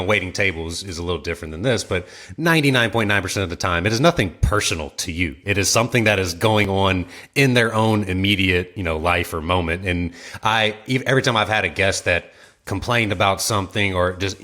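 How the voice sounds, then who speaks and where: Man, interview host, lowish voice, rambling, searching phrasing. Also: pushed and bright. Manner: rambling, searching phrasing with "you know" fillers. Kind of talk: casual chat.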